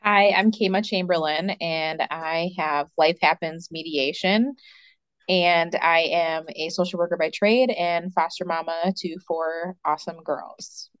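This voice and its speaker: A woman who is a social worker and mediator, chatting casually on a panel with energetic, quick bursts of speech. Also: fairly low pitch, clear, resonant tone, dry recording, highs cut off.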